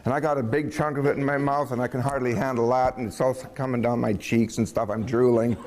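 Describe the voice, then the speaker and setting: A man spinning a long personal anecdote in an easy, conversational way. He chuckles often and slips into different voices when he quotes people. His voice sits at an average pitch for a man. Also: a little fast. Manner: animated storytelling, chuckling, acting out quoted voices. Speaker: storyteller. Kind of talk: casual anecdote telling.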